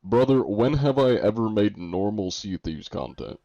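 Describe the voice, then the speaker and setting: Young American streamer, wry and joking, mellow dark tone. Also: male voice, on the low side, lively intonation, normal speed, no echo. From United States. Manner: joking, reads chat aloud and answers it. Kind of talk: casual livestream chat. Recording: dull lo-fi stream audio.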